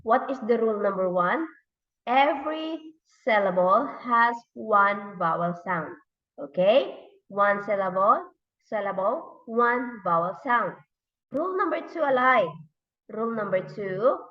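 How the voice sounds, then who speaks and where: Thai-accented woman teacher drilling pupils, unhurried; lo-fi, echoey classroom recording. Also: mid-range voice. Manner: repeats words slowly to drill them. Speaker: English teacher. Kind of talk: classroom lesson for young learners. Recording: dull, roomy, recorded from a distance.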